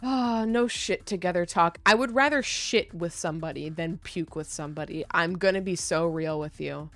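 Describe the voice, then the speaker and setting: A woman with a fairly low voice riffing crudely and bluntly on a game she is playing. She talks casually, joking with her chat. Faint music plays underneath. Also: moderate pace, a bit bright, dry recording. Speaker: streamer. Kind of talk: casual gaming commentary.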